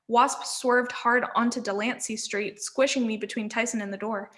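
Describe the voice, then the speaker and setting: A woman teacher reading a novel aloud to learners, expressive and giving each character a voice. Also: on the high side, normal speed, hardly any pauses. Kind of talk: storybook read-aloud.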